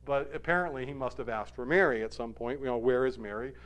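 A man delivers a sermon in a mid-range voice at a quick pace. He climbs to loud, emphatic peaks, then drops into quiet, soft asides, and acts out quoted lines with feeling.

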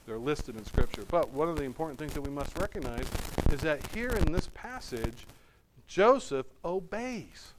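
A man's voice: fairly high pitch, lively intonation, fairly quick, noisy background. A man preaching a sermon, emphatic and repeating his points for emphasis.

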